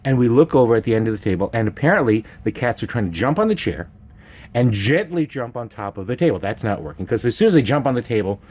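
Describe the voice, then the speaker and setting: A man telling a funny true story in a rambling, animated way, breaking into sudden high meows and sound effects. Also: fast talker. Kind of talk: comedic personal storytelling.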